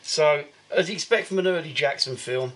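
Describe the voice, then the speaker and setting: A man's voice: a little high, moderate pace, a bit bright. A man co-hosting a podcast, giving a rambling, filler-heavy recap of a film in casual chat. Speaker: podcast co-host.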